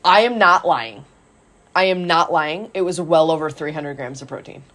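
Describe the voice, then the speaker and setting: A woman coach telling a story in casual chat, animated and acting out quotes with lots of "like". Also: sits low, normal speed.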